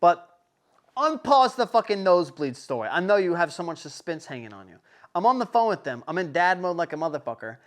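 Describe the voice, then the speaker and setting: A young man hosting a casual podcast, telling a story in an animated, rambling way full of swearing and fillers. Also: high voice, fairly quick. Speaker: podcast host.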